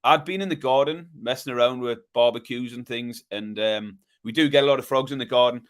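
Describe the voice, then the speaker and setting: Man telling a story on a podcast. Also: a little fast. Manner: animated storyteller, drops to a low murmur. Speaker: podcast co-host. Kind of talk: casual podcast chat.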